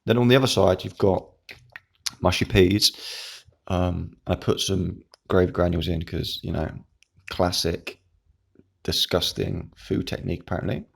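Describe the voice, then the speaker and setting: A man's voice: sits low, fairly even intonation, a little slow, vocal fry. A man, hosting his own channel, chatting casually in a rambling way while eating with his mouth full. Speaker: YouTube channel host.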